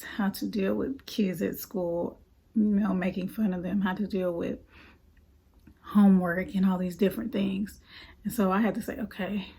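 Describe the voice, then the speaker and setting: Woman parenting coach, husky timbre, earnest and chatty advice. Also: mid-range voice. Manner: conversational, acts out her own inner voice in soft asides. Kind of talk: earnest advice talk to camera.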